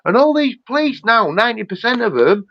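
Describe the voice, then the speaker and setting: Ranting angrily on a livestream, a man swears and repeats himself in an extremely high, very animated voice with vocal fry, talking briskly. The dull, lo-fi recording is dry, with no echo.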